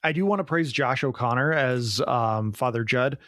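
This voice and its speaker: A man's voice: mid-range voice, normal speed, a bit bright, no echo, studio quality. A young adult man co-hosting a podcast, reviewing a film in casual, rambling chat full of "like". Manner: rambling, enthusiastic, many "like"s. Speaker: podcast co-host.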